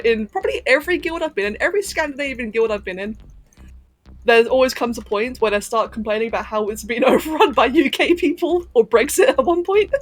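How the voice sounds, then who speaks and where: A woman from England with a posh London accent, softened by a little Californian, chatting casually and laughing with her chat during a gaming livestream. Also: fairly high pitch. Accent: posh London English, slightly Californian-tinged. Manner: chatty, giggly, answers chat while playing.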